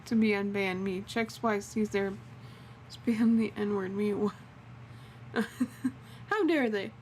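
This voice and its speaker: A woman's voice: medium pitch, takes it slowly, a little mellow, a little hiss or hum. A woman streaming a game, chatting casually and laughing often and awkwardly. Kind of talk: casual let's-play chat.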